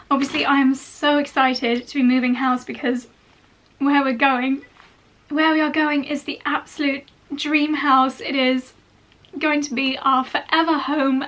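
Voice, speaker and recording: High-voiced gushing woman vlogger. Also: fairly even intonation, normal speed, fairly bright tone. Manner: gushing, sentimental, chatty. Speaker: fashion vlogger. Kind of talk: casual vlog chat. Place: at home.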